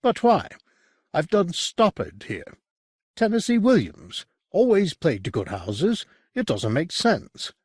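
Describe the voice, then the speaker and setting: A man's voice: high voice, huge pitch swings, slow pace, darkish tone, slightly rough, no echo, studio quality, voice pushed up, full character voice. A man voicing a young, embittered male theatre director who asks raised, indignant questions. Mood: incredulous.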